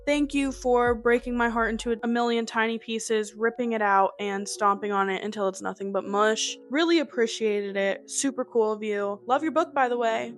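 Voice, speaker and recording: A woman giving a casual, emotional book review, chatty and full of "like", laughing through tears. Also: on the high side. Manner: chatty, with many fillers of "like".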